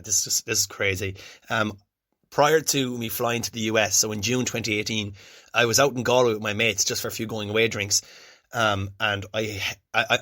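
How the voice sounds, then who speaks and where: A man's voice: fairly low pitch, sharp tone, no room sound, studio quality. A young Irish man hosting a solo podcast, telling his own story in a chatty, reflective and self-deprecating way. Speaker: podcast host.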